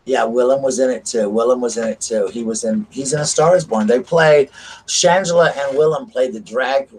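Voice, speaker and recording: A man's voice: medium pitch, normal speed, a little mellow, slight background noise, low-quality recording. Chatty Southern man hosting a live stream. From South Carolina, US. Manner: chatty and gushing, greets viewers by name. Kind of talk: casual live-stream chat with viewers. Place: at home.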